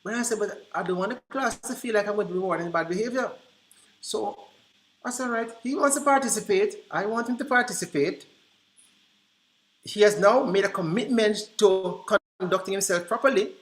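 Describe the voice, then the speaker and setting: A man presenting to early childhood teachers, telling classroom stories in an animated way and acting out the dialogue. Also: high-pitched, brisk. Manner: animated, acts out quoted dialogue. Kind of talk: storytelling presentation. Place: conference room. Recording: roomy echo.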